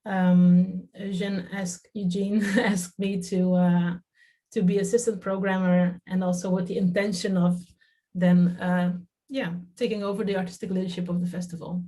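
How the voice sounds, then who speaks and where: A woman's voice: on the low side, level tone, moderate pace, warm tone. A woman from the Netherlands in her thirties, talking in an interview about her work in theater, with lots of fillers and restarts. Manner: hesitant, many fillers and restarts. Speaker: festival artistic director. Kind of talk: interview, reflective talk.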